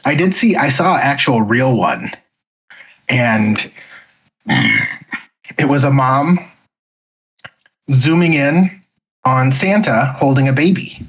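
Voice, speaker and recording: A husky-voiced podcast co-host chatting casually. The pitch swings in an animated way, and the talk rambles, full of "like" and frequent laughter. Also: slow pace, pauses often, rough recording. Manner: rambling, heavy use of "like"; laughs often. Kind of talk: casual chat.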